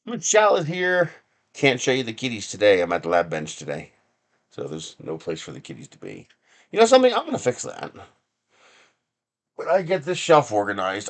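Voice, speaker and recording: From the bench of his home workshop, a man runs a casual live stream, rambling and chuckling through sarcastic asides. His voice sits on the lower side with a fairly bright tone.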